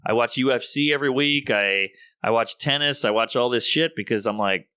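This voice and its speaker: A man, a comedian, talking in a casual podcast conversation and telling animated stories, acting out the voices of people he quotes. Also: medium pitch, brisk, clean tone, no echo, studio quality. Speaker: comedian guest.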